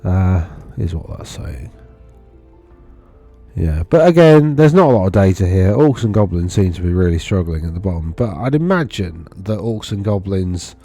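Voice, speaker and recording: A man's voice: low voice, expressive, moderate pace, dark tone, faint music behind. A man casually talking through tournament data on his screen, rambling and correcting himself as he thinks aloud. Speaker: wargaming video host. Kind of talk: casual screen-share commentary.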